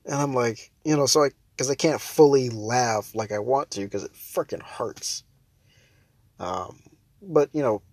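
A man's voice: medium pitch, normal speed, hardly any pauses, darkish tone, slightly rough, no echo. A young man hosting his own show, ranting sarcastically and laughing often while he nurses a headache. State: has a headache, holds back laughter. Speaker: podcast and stream host. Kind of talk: casual solo monologue.

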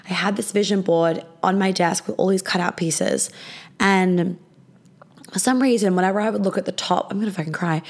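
A young adult woman hosting her own podcast from her apartment, chatting casually, swearing often, with many fillers. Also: fairly low pitch. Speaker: podcast host and business coach.

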